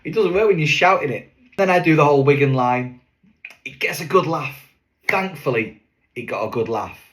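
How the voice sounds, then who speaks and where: A man's voice: a little high, moderate pace. A man, a singing waiter, chatting to camera as he tells a story from a show. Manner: chatty, lively, with fillers and asides.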